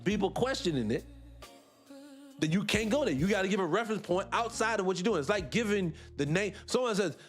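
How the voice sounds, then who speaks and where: Animated, high-voiced man ranting casually. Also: a little fast, faint music behind. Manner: animated, rambling, blunt and profane. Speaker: host. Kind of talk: casual live-stream monologue.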